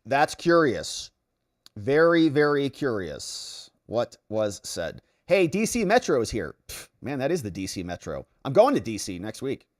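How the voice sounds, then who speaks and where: A man's voice: mid-range voice, sing-song, a little slow. A man hosting a casual livestream, reading out viewer comments and reacting to them. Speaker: livestream host.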